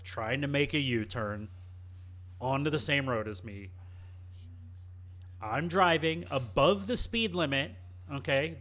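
A young man co-hosting a casual chat, telling a story in a cheeky, animated way. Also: mid-range voice. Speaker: co-host.

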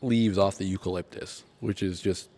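Podcast co-host, man, lowish voice, crude blunt joker. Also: fairly even intonation, normal speed, dark tone. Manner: profane, blunt, joking rants. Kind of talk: casual chat.

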